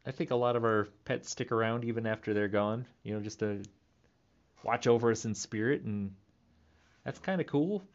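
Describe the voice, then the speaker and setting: A man's voice: on the low side, normal speed, muffled recording. Rambling, laughing man in his thirties. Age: 30s. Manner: playful, musing, laughs often. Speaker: vlogger. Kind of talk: rambling casual monologue.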